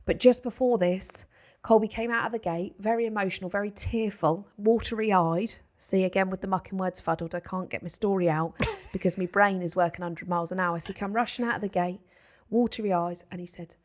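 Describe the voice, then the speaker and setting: A pregnant woman hosting a podcast in casual chat, telling a story with animation and softly acting out her son's lines. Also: mid-range voice, steady tone, a little fast. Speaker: podcast host.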